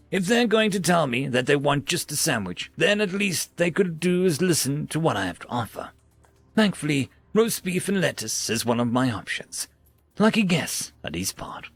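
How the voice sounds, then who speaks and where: A man's voice: medium pitch, big pitch swings, normal speed, vocal fry, fairly bright tone, breathy edge, dry recording, soft background music. A man narrating a sci-fi story in a wry, theatrical storytelling manner.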